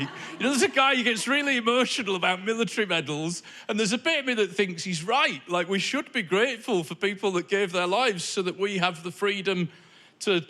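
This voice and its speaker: Stand-up comic, man, wry and chatty with the crowd, high bright voice, on a stage mic. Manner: wry, conversational, observational asides to the crowd. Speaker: stand-up comedian. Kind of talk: stand-up comedy. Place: comedy club stage before a live audience.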